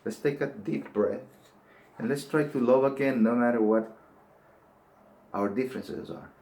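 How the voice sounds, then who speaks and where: A man's voice: mid-range voice, a little slow, creaky, darkish tone. Earnest older man pleading. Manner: earnest, pleading, rising into emphatic outbursts. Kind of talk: impassioned monologue to camera.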